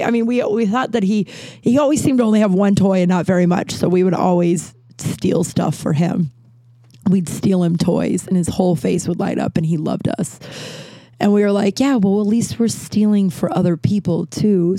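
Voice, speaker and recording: A woman's voice: on the low side, warm tone, no room sound. A woman casually telling a personal story at home, rambling with many fillers and restarts and swearing now and then. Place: at home with a cat nearby.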